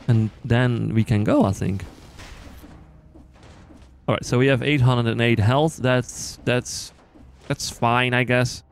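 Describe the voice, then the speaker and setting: A man with a non-native accent chatting casually to viewers while playing, quick to excited outbursts and joking at himself. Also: mid-range voice, creaky, a little hiss or hum. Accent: non-native English accent. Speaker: gaming channel host. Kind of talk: casual let's-play commentary.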